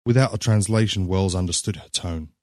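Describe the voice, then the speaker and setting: A man reading a story aloud in a measured, grave narrating manner. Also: sits low, a little mellow, no room sound, clean studio sound.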